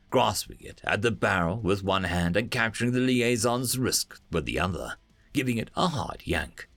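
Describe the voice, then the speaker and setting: Male narrator, lively and expressive, gravelly voice, dry close mic, faint music behind. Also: on the low side, no echo. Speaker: audiobook narrator. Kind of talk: story narration.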